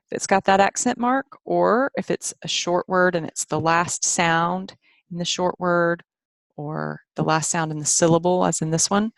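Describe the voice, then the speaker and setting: A woman's voice: lowish voice, steady tone, moderate pace, vocal fry, no room sound. A woman teaching French phonics in a patient screen-share lesson, repeating sounds so learners can follow along.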